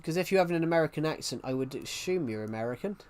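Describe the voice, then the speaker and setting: A man's voice: on the high side, expressive, quick pace, darkish tone, clean tone. A man with an English accent, chatting casually on a live stream, rambling and restarting his sentences as he answers viewers. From England. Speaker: livestreamer.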